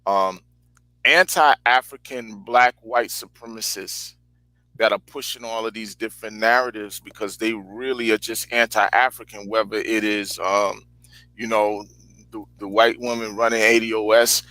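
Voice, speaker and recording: A man's voice: on the low side, steady tone, unhurried, pushed and bright, no room sound, poor audio. A man co-hosting, speaking in an emphatic, preachy way with stuttered restarts. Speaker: co-host. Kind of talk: casual heated commentary.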